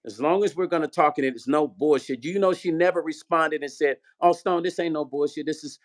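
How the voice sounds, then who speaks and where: A man spins a heated story for his vlog audience, slipping in and out of quoted voices as he goes. He cusses freely and keeps the momentum up. His voice sits a bit on the higher side for a man. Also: fairly quick. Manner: animated storyteller, acts out quoted dialogue, profane. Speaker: vlog host, musician. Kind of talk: storytelling chat.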